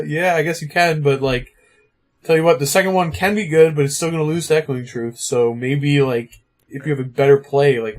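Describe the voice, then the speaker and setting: A man co-hosting a podcast, chatting casually about card game strategy, full of "like" and "you know". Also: mid-range voice. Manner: fast, filler-heavy, lots of "like" and "you know". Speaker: podcast co-host.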